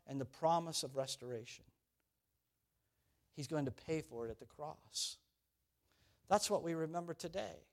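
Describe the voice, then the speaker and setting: A man preaching a sermon, animated and storytelling, rising and falling in volume. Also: on the high side. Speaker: pastor.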